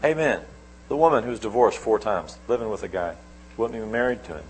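A middle-aged man preaching a sermon, telling stories with sudden swings between loud and soft. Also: fairly low pitch, expressive, fairly quick, vocal fry, a little hiss or hum, rough recording.

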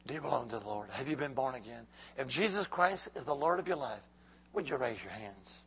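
A man preaching a sermon, calling out to the church, swinging from hushed lines to loud shouts. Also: mid-range voice, animated, fairly quick, slight background noise.

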